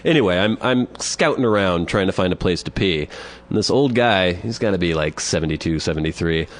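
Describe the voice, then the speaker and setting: A man co-hosting a podcast, telling a long crude anecdote in a rambling, deadpan way. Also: low-pitched, fairly quick. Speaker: podcast co-host.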